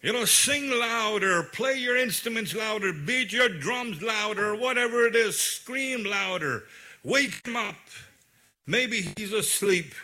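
A man's voice: sits high, animated, slow, bright, forceful tone. A man preaching a sermon, retelling a scripture story in his own words with many fillers and restarts.

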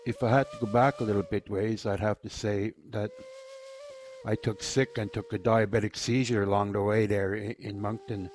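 A man telling his personal faith testimony in a halting, repetitive way, often trailing off quietly. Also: fairly low pitch, fairly even intonation, faint music behind. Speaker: former inmate sharing his faith testimony.

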